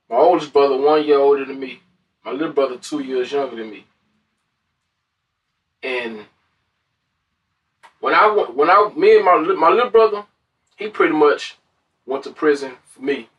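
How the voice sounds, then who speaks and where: Higher-voiced man chatting casually. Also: a bit bright, muffled recording. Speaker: friend asking questions. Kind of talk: casual chat. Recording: distant from the mic.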